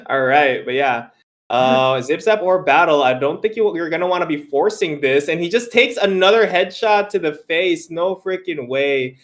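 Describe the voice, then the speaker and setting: A young man casting a live esports match, excitable and quick to laugh as he banters with his co-caster. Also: fairly high pitch.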